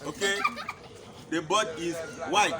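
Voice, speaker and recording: A man's voice: on the high side, takes it slowly, a loud crowd. A man teaching a French class, drilling words and having students repeat them. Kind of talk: classroom language lesson.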